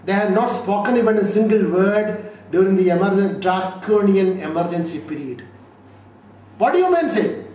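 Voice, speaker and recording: Indian lawyer, high voice, emphatic and repetitive, distant mic in a very reverberant room. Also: male voice, lively intonation, normal speed, a little mellow. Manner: emphatic, repetitive, rhetorical questions. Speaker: lawyer interviewee. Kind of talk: emphatic interview answers. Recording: echoey room from far off, faint noise.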